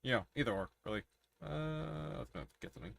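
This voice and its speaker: A man's voice: mid-range voice, lively intonation, fast talker, vocal fry, a bit bright. A man streaming, chatting and musing aloud as he plays through a courtroom game. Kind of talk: casual game commentary. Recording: game music behind.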